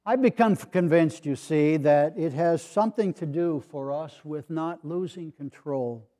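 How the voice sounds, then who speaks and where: A high, mellow voice belongs to the older retired pastor delivering this sermon a little slowly. Quoting people in his stories, he imitates their voices, all with a soft touch of humor.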